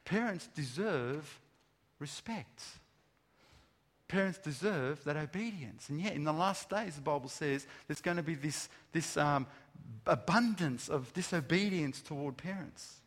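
A man delivers a sermon in a somewhat higher voice than most men. He leans on rhetorical questions and slows down to stress each word of a list. A long hall reverb trails behind every phrase. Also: a bit bright. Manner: emphatic, rhetorical questions, slow stressed lists of words. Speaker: pastor. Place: large room with an audience.

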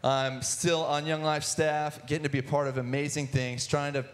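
A man's voice: a little high, level tone, moderate pace. Earnest young man sharing his testimony. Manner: earnest storytelling with many restarts and filler words. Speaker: guest speaker sharing testimony. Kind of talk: personal testimony in a church setting.

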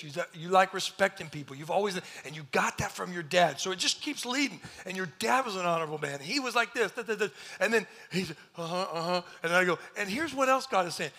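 A man preaching a sermon, telling a story with jokes, now and then shouting, then dropping to a hushed near-whisper. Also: on the high side, breathy edge. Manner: animated joking storyteller, bursts into shouts. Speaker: pastor.

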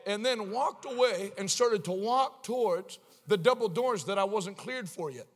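Man, preacher, sermon storytelling, wry, conversational, very high pitch. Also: moderate pace, long reverb tail.

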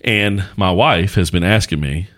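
Middle-aged pastor-host, deep voice, loose folksy storyteller, casual podcast talk. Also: male voice, measured pace, a bit bright.

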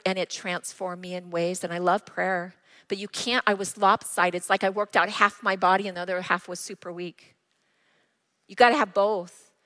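A middle-aged woman pastor, her mid-range voice pushed and bright, shares earnest personal stories during a sermon, acting out the quotes. The recording carries the long reverb of a church hall.

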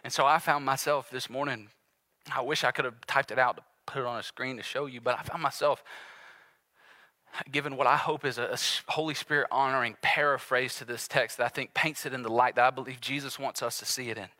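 Earnest pastor guy, high bright voice, goes from loud to almost hushed, very dry close sound. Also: fairly even intonation, fairly quick, no echo. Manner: earnest, confessional, with wide swings between loud and hushed. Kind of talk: sermon. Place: church sanctuary with live and online audience.

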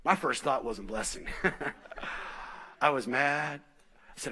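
A middle-aged man preaching a sermon as pastor, telling stories with laughs and dropping into quiet asides. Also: mid-range voice, takes it slowly, slightly rough. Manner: animated storytelling with laughs and sudden quiet asides.

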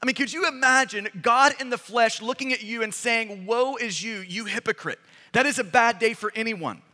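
A man's voice: very high voice, brisk, sharp tone. A male pastor preaching a sermon, reading scripture with emphatic, dramatic delivery. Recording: long hall reverb.

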